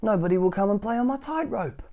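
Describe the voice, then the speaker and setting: A man doing a high, pleading little girl acrobat. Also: animated, fast talker, dark tone.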